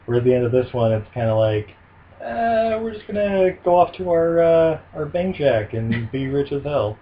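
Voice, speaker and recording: A man's voice: fairly high pitch, lively intonation, moderate pace. A man co-hosting a casual movie podcast, joking around and slipping into goofy impressions. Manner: jokey, does goofy impressions. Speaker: podcast co-host. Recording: muffled lo-fi audio with faint hiss.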